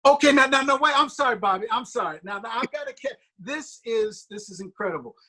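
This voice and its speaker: A man's voice: very high-pitched, animated, a little fast, pushed and bright, slight background noise. A man hosting an interview, recapping his guest's story back to him with eager interjections. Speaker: interview host. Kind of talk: casual interview.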